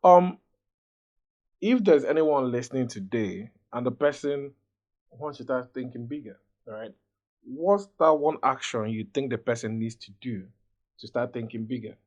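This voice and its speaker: A man's voice: mid-range voice, darkish tone. Podcast host man on dull lo-fi audio. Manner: brisk and prompting, pressing with short questions. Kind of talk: casual interview chat. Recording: dull lo-fi sound.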